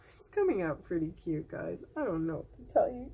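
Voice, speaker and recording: A woman's voice: lowish voice, sing-song, a little fast, vocal fry, dark tone, breathy edge. A woman host narrating her drawing in a casual, jokey art vlog, dropping into whispered asides now and then. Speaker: artist and channel host.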